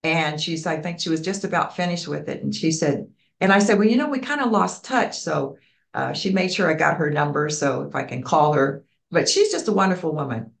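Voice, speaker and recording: An older woman, a community program founder, being interviewed and telling stories in an animated way, acting out the voices of people she quotes. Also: low-pitched, fairly quick, creaky. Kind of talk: storytelling interview.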